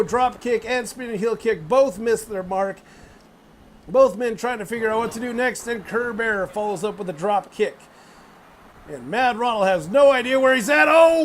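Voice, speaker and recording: A young man giving excitable play-by-play wrestling commentary, swearing, laughing and bursting into loud exclamations. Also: sits high, slight background noise. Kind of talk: play-by-play commentary on a video game wrestling match.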